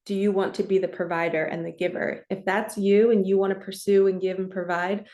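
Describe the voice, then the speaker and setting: A woman's voice: medium pitch, level tone, brisk, mellow. Chatty forty-year-old woman coach. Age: 40s. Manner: chatty and earnest, laughs often, slips into quoted voices. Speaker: spiritual coach and energy reader. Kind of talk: casual monologue to camera.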